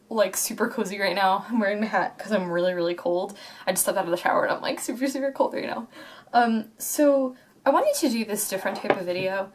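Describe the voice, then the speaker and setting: A woman's voice: mid-range voice, a bit bright. A young woman in her twenties, a student teacher, talking casually and rambling to camera with many likes and restarts. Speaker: vlogger. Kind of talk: casual personal talk to camera.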